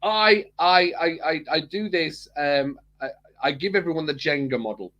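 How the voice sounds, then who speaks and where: A man's voice: on the high side, moderate pace, pushed and bright, muffled recording. Rambling man on a podcast. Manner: rambling, repeats words, laughs often. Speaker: podcast co-host. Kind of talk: casual chat.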